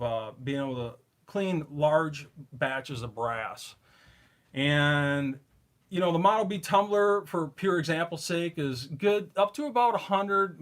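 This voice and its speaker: A man hosting a casual live stream from his reloading bench, chatting with viewers while he works with his hands. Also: fairly high pitch.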